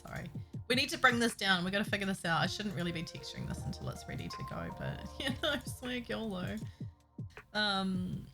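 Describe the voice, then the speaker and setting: A woman's voice: medium pitch, very animated, brisk, over music. A woman, chatting casually with her stream audience while building, giggling and talking to herself. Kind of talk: casual chat while building a game map.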